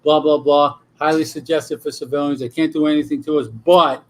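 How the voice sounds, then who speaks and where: A man's voice: a little high, fairly quick. A man co-hosting a casual cigar-lounge talk show, telling stories and jumping between topics. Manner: animated storyteller, tangents. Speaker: podcast co-host. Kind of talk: casual chat.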